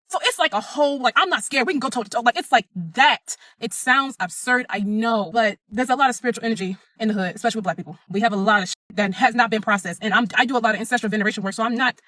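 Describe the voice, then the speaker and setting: A woman's voice: fairly high pitch, very fast, fairly bright tone, dry recording. A young adult woman telling her own story in a blunt, emphatic, profane way. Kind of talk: casual first-person storytelling.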